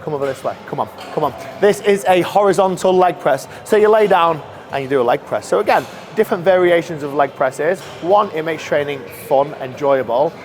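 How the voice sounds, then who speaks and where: A man's voice: on the high side, brisk, few pauses, soft background music. A man casually walking viewers through gym machines, chatty and self-deprecating. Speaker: gym staff giving a tour. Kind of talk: casual walkthrough explanation. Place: large indoor gym. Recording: noisy gym background.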